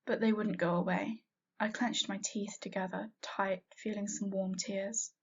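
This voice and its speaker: A woman reading a first-person fanfiction story aloud, in a soft, unhurried way that drops quiet at sad moments. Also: medium pitch, flat delivery, vocal fry, breathy edge, muffled recording. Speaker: fanfiction reader.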